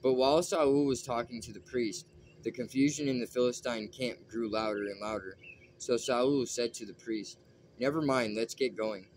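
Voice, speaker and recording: A man reading scripture aloud at a steady pace, with a few small slips. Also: mid-range voice, moderate pace, slight background noise. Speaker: Bible reader.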